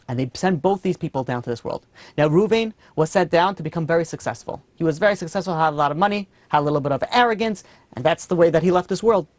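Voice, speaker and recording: A man, a rabbi, giving a storytelling sermon in an earnest, animated way, often saying "you know". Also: fairly high pitch, quick pace, dry recording.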